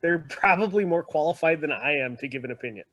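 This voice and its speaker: A man telling animated, wry stories in a casual video-call chat. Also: on the high side, fast, no echo.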